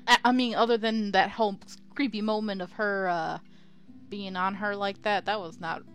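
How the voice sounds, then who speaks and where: A woman's voice: medium pitch, steady tone, normal speed, fairly bright tone, clean tone, faint music behind. A woman streaming a story game, chatting giddily, laughing a lot and reading her own lines aloud. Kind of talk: live game commentary.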